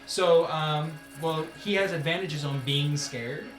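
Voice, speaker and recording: A man's voice: a little high, slow, fairly bright tone. Man narrating a dungeon game in a roomy space. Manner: dramatic narration mixed with casual rulings. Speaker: dungeon master. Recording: roomy recording with music.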